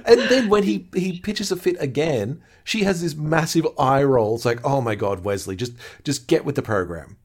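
A man's voice: fairly high pitch, expressive, moderate pace, few pauses. A man co-hosting a podcast, chatting casually and eagerly about a TV episode and quoting its lines. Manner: enthusiastic, quotes lines from the show. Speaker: podcast co-host. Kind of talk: casual chat recapping a TV episode.

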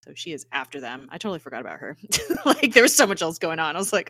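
A woman with a low pitch and a bright, forceful tone tells an episode's story in casual podcast chat. She acts out the characters' lines and laughs often. The sound is close and dry. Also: big pitch swings, fast, no echo. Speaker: podcast co-host recapping a TV episode.

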